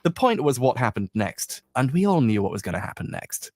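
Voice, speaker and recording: Fast, animated sarcastic male essayist. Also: mid-range voice, heavy background noise. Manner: sarcastic, wry asides. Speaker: video essayist. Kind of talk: scripted video essay commentary.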